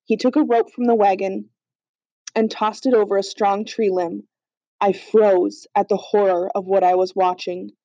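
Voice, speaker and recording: A woman reading a storybook aloud in a steady, earnest way, on a slightly dull, lo-fi recording. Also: medium pitch, moderate pace, no room sound. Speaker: audiobook reader. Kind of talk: storybook narration.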